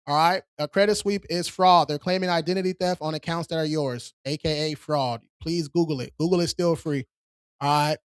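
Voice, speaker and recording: A man's voice: a little high, fairly even intonation, normal speed, smooth, no echo, studio quality. A man hosting a live stream, reading viewers' questions aloud and answering them in a casual, streetwise way. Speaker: credit repair livestream host.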